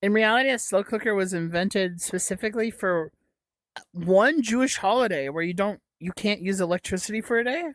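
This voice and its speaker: A woman's voice: medium pitch, fairly quick, dry recording. A young woman hosting a casual livestream, reading chat aloud with a giggly, stammering, jokey way of talking. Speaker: livestream host.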